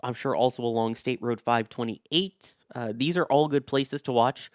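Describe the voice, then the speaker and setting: Male launch-stream host, casual and friendly, mid pitch, dry close sound. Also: normal speed, no room sound. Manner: chatty, reads viewer messages aloud, thanks the crew. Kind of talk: live launch commentary, casual.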